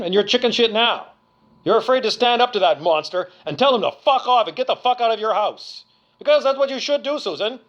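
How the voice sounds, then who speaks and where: Man, middle-aged, angry profane rant, high voice, swinging pitch, dull lo-fi sound. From Canada. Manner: profane, accusatory, repetitive. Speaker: vlogger.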